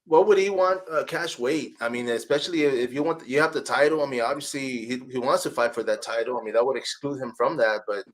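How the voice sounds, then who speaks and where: A man's voice: medium pitch, fast, hardly any pauses. A man hosting a podcast, asking rambling questions full of "I mean" and "you know.". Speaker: podcast host. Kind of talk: casual podcast interview.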